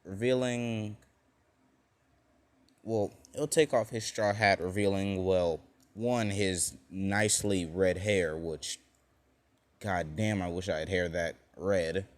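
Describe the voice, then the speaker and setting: A man's voice: deep voice, fairly even intonation, slow, no echo. A young man casually telling a fan-made alternate story, rambling along with lots of fillers and frequent self-corrections.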